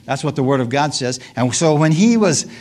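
A man with a fairly high voice preaches to a congregation at a moderate pace, often calling out hallelujah and amen. He asks his listeners questions, laughs as he goes, and acts out scripture scenes in lively voices with call-and-response asides.

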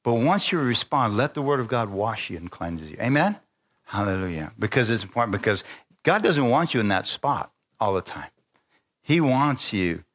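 A middle-aged man preaching a sermon, telling personal stories and acting out the voices in them. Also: fairly low pitch. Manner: animated storytelling, acting out voices. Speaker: pastor.

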